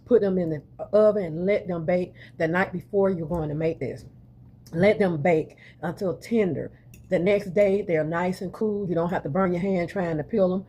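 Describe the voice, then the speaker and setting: A woman's voice: on the low side, normal speed, mellow. Homey woman cooking host. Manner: homey, talks straight to viewers as y'all. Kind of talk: casual cooking chat to viewers. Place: home kitchen.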